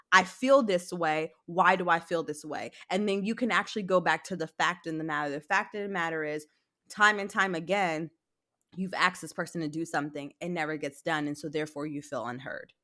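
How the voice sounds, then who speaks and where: A woman guest psychologist explaining ideas step by step in a conversational interview, animated when acting out examples. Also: fairly low pitch. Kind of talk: conversational advice.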